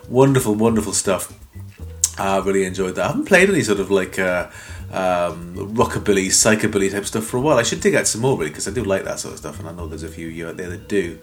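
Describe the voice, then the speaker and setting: A man's voice: low voice, lively intonation, quick pace. Chatty man hosting a music show. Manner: chatty, rambling, with many ums and uhs. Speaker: radio or podcast music show host. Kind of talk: casual track introductions.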